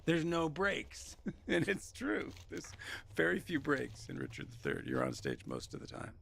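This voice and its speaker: A man being interviewed as an actor, telling stories in a lively, reflective way. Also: fairly high pitch, a little slow, vocal fry, slightly rough. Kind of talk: reflective conversational storytelling.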